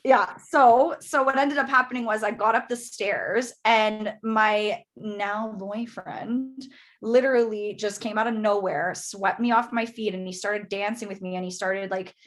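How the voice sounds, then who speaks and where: A woman's voice: mid-range voice, steady tone, measured pace, a bit bright. Chatty young Canadian woman. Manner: chatty, many fillers, acts out quotes. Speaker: guest. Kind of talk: casual podcast chat.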